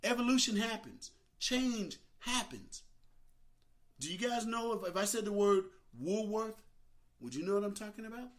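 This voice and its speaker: An older man hosts a talk show and spins a personal story for his guests. His voice sits fairly high and swings widely in pitch. He tells it with animated, dramatic flair. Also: normal speed. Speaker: host.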